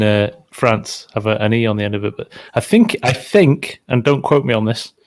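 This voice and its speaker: Male co-host talking casually about a game, unsure and thinking out loud. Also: medium pitch. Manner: speculative, hedging, trails off. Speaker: co-host, farming game streamer. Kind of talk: casual chat.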